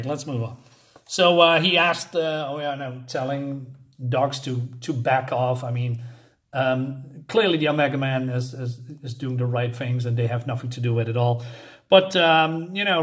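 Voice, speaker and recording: A man casually recapping a comic issue, halting often with fillers and unsure asides. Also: mid-range voice, a bit bright. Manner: hesitant, many fillers and restarts, unsure asides. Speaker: comic book reviewer.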